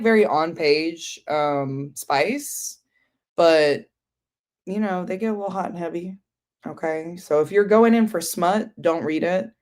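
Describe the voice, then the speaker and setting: A woman with a low, deep voice hosts a casual book livestream. She rambles in a loose, chatty way, full of "um" and "like", and answers her viewers as she goes. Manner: many fillers like "um" and "like". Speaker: book streamer.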